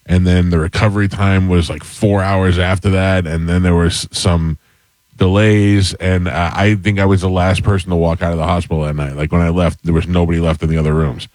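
A man with a very low voice tells a rambling personal story to his co-hosts, casual and self-deprecating. The sound is dry and close, with no room around it. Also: brisk, dry recording. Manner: rambling, animated anecdote with self-deprecating humor. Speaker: podcast host.

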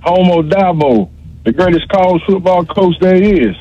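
A man's voice: high voice, lively intonation, normal speed. A male caller trading joking, teasing trash talk on a call-in radio show over a phone line.

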